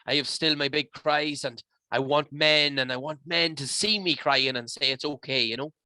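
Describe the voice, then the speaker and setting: A man's voice: on the high side, normal speed, pushed and bright, no echo. An emotional, passionate Irish man talking as a podcast guest in rambling, heartfelt casual chat. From Ireland.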